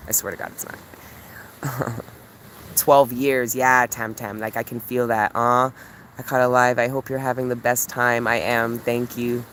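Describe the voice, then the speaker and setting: A woman speaks in a relaxed, affectionate way straight into her phone while walking outdoors. She keeps up a steady stream of casual chat with her viewers and reads their comments out as she goes. A little faint outdoor noise sits behind her voice. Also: extremely low pitch, measured pace. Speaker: spiritual coach and retreat host.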